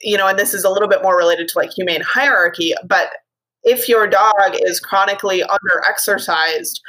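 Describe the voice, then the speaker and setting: A woman's voice: mid-range voice, rough recording. Chatty woman dog trainer. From Montana, United States. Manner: chatty, relaxed, many fillers. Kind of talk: casual podcast conversation.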